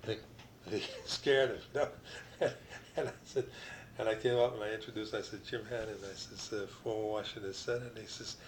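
An older man from New Jersey, a retired baseball pitcher, telling rambling stories as an interview guest, full of restarts and you-knows. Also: moderate pace, slight background noise, rough recording.

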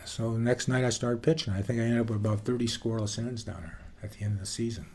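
A man being interviewed, telling stories from his years as a baseball pitcher in a relaxed, folksy way with some plain swearing. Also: fast talker. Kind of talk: casual storytelling interview.

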